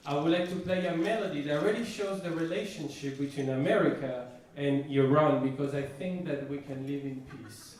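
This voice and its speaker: A man from France with a French accent, performing a stand-up comedy set in deadpan one-liners with halting restarts. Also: a little high, a little hiss or hum. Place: comedy stage before a live audience. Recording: roomy live recording from a distant mic.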